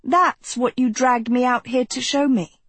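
A woman reading the lines of a sharp, skeptical teenage girl in a storybook, her voice raised in pitch. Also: steady tone, a little slow, husky, dry recording, heavily acted. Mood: exasperated.

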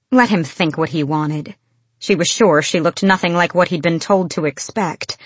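A woman reading fantasy fiction aloud in measured, expressive storytelling. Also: on the low side, no echo. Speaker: audiobook narrator. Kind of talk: scripted fantasy narration.

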